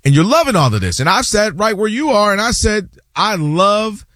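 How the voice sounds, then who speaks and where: A man holds forth on a sports show, his voice sitting a little high. He talks in a loose, conversational way and slips into quick impressions of fans. The sound is dry and close. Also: no room sound. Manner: animated, acts out fans' and players' voices. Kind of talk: casual sports debate.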